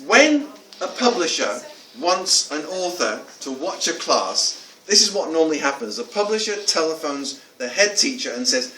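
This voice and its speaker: A man's voice: a little high, normal speed, hardly any pauses. A man, an author, telling anecdotes to a workshop of teachers, acting out the voices he quotes. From England. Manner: lively storyteller, acts out quoted voices. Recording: echoey room, distant mic, faint hiss.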